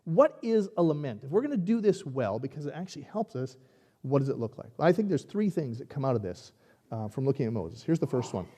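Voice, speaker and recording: A man preaching a sermon in a conversational, animated way, acting out quoted lines. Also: mid-range voice, brisk. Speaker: pastor.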